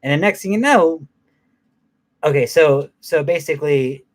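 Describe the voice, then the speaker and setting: Man with a fairly high voice, rambling through a profane, casual movie recap. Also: normal speed. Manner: rambling, with many fillers, restarts and laughs. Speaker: movie reviewer.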